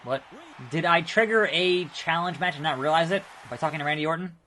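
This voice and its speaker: A man's voice: a little high, brisk. Chatty male let's play host. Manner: chatty, reacts loudly to the game. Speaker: gaming video host. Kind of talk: casual let's play commentary.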